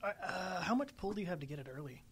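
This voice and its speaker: A man's voice: sits high, expressive, fast. A man co-hosting a casual chat, plain-spoken and teasing. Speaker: podcast co-host.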